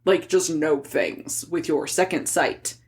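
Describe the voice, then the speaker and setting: Chatty woman recapping a book, low voice. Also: slow, a little mellow. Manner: chatty recap, frequent "like" fillers, swears casually. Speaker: podcast co-host. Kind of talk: casual book-discussion podcast.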